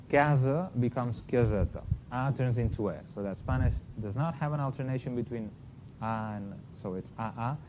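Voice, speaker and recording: A man with a mellow, mid-range voice presents a linguistics lecture with slides, explaining carefully and correcting himself through brief apologetic asides. It's a slightly dull lo-fi recording with faint noise.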